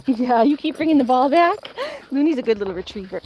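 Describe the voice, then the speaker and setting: A woman's voice: high voice, animated, fairly quick, darkish tone, slight background noise. A woman vlogging outdoors near woods, playfully giving commands to dogs. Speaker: vlogger, dogsitter. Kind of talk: casual vlog talk to dogs.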